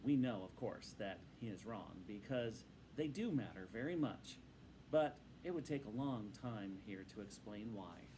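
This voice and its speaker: Expressive male storytelling teacher. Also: fairly low pitch, measured pace, noisy background. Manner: patient, instructive and expressive. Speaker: teacher reading aloud. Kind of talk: storybook narration to students.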